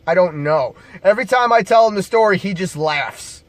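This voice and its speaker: A man's voice: high voice, expressive, moderate pace, dry recording. A man casually telling bar stories to camera as a bouncer, laid-back, profane and jokey.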